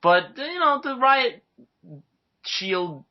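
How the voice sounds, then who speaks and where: A man's voice: very high voice, very slow. Young guy gushing about a movie, acts out the scenes, kinda muffled lo-fi audio. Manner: excitable, acts out movie lines. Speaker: movie reviewer. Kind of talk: casual chat. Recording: dull lo-fi recording.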